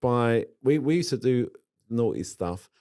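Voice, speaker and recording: A man trades jokes with his co-host in loose, casual talk. His voice is mellow and low in tone, and it swings up and down a lot as he talks. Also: lively intonation, unhurried. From London. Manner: jokey, teasing, restarts often. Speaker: garden show co-host, designer. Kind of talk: casual podcast banter.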